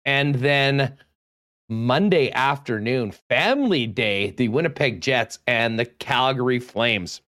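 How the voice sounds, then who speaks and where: Energetic sports radio host. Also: male voice, medium pitch, takes it slowly. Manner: energetic, loose, with many fillers. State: losing his voice. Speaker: sports talk show host. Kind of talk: casual radio sports talk.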